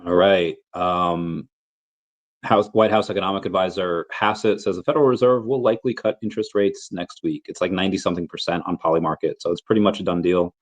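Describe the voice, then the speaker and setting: Deep-voiced man in his thirties, sick with flu. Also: fairly even intonation, a little fast, poor audio. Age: 30s. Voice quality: rambling, many restarts, coughing. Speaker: crypto livestream host. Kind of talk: casual livestream Q&A.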